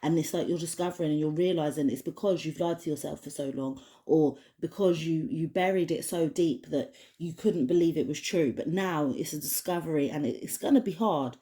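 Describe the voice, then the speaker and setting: A woman's voice: deep voice, brisk, hardly any pauses, mellow. A woman giving a casual spoken oracle card reading, rambling with many restarts and fillers. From United Kingdom. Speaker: tarot card reader.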